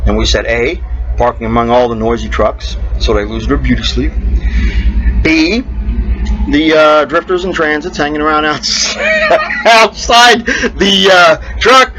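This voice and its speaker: A man's voice: fairly high pitch, big pitch swings, unhurried, sharp tone, low-quality recording. A man hosting an RV vlog, telling a quiz and a joke in a folksy, chuckling storyteller manner. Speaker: RV vlog host.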